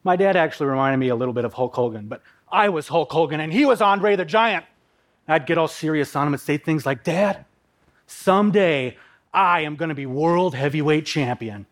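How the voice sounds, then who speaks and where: A middle-aged man from Minnesota, whose voice sits a little high, tells a personal story with vivid, emotional animation.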